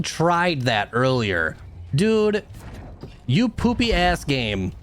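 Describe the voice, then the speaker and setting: A young man streams a game and talks to his chat as he plays. His pitch jumps all over and he swings from easy chatter to loud frustrated yelling. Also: very slow, a little hiss or hum. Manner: animated, frustrated outbursts, chatting with viewers. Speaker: gaming streamer. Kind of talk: live game commentary.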